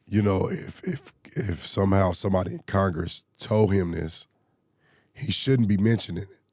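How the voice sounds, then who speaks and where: A man on a commentary show vents in an exasperated, repetitive rant and keeps piling up rhetorical questions. His voice sits on the low side with a warm, mellow tone. The sound is close and dry. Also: moderate pace, no echo. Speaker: political commentary host.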